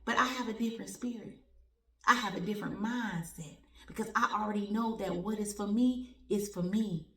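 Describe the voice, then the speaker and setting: A woman with a bright, forceful voice preaches and tells stories in a lively, animated way, hammering points home by repeating them. She is set back from the mic in an echoey room. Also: medium pitch, normal speed, far from the mic. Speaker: host of a motivational show. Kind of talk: motivational talk and storytelling.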